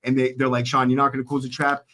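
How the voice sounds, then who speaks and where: A man hosting a podcast, telling animated stories in casual chat, swearing and jumping into a higher voice for quotes. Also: fast talker, a little hiss or hum. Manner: animated storyteller who acts out quotes in a raised voice, swears freely.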